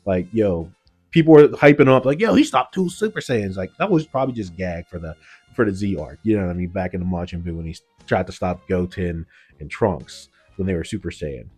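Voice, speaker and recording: A man's voice: low-pitched, brisk, warm tone, breathy edge, soft background music. A man giving a casual, slangy recap of an anime episode, loose and full of "like" and "yo". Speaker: anime reviewer.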